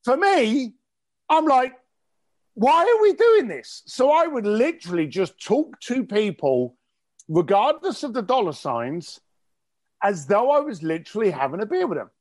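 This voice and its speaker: A man from East tells stories bluntly and cheekily, swearing freely. His voice sits high, and his pitch leaps around with animated energy. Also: normal speed. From East London. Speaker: interview guest. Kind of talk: casual storytelling interview.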